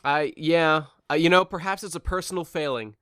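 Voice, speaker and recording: A man co-hosts a podcast, chatting casually about a cartoon episode in a wry, hesitant way with many restarts. His voice is fairly high and fairly bright, clear and resonant, at normal speed, with clean studio sound and no echo.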